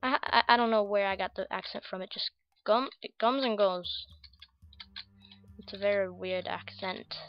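A woman's voice: mid-range voice, fairly even intonation, moderate pace, muffled recording. Rambling, goofy American woman gaming. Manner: rambling, goofy, chatty with many fillers. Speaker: gaming channel host. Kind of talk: casual Minecraft gameplay commentary.

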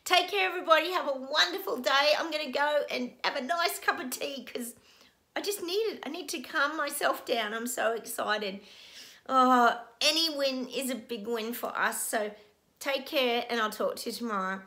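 A woman's voice: high voice, moderate pace, sharp tone. A middle-aged woman vlogging as a psychic, emotional and breathless, laughing often and near tears. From Australia. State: overwhelmed, teary. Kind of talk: casual video monologue.

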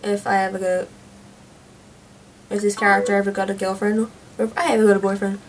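A woman's voice: mid-range voice, little pitch movement, quick pace, far from the mic, slight background noise, rough recording. A woman hosting a let's play, reacting to a chat game in a playful, theatrical way. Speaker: gaming channel host.

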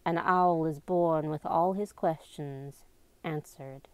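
A woman narrating a novel aloud, slow and deliberate in her storybook reading. Her voice is mellow and slightly low. The sound is close and dry, with no echo. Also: fairly even intonation, clean tone. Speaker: amateur reader.

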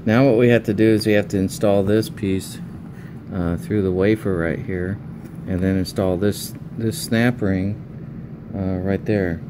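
A man's voice: low voice, fairly even intonation, a little slow, background noise. A man chatting casually as he explains a repair step by step at a home workbench. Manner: chatty, folksy, thinking aloud while working. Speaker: electronics repair hobbyist.

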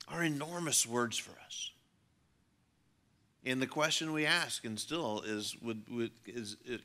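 Animated bright-voiced male preacher. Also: medium pitch. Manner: animated, acts out voices of bystanders and swings from loud to hushed. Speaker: pastor. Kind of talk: sermon.

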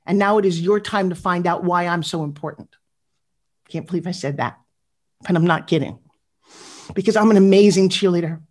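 A woman in her fifties giving a motivational speech, animated and confessional, talking straight to her audience and asking for their replies. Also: lowish voice, a little fast, long pauses. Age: 50s. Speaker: motivational speaker.

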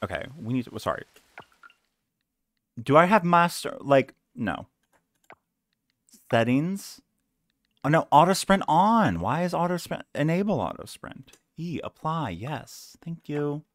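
Lively, playful male game streamer. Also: on the high side, unhurried, long pauses, dry recording. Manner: playful, self-mocking, chatty. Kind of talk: live game stream chat.

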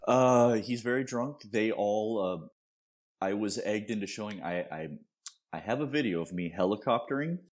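A man's voice: fairly low pitch, moderate pace. A young man co-hosting a casual podcast, trading crude jokes and anecdotes. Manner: crude, joking banter. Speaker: podcast co-host. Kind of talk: casual chat.

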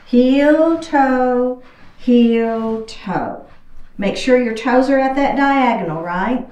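A woman's voice: high-pitched, extremely slow, darkish tone, lo-fi sound. A woman teaching a chair yoga class, chatty and encouraging, a little out of breath as she moves through the poses. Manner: encouraging, chatty, talks while moving. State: slightly out of breath. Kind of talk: guided exercise class instruction. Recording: echoey room, far from the mic.

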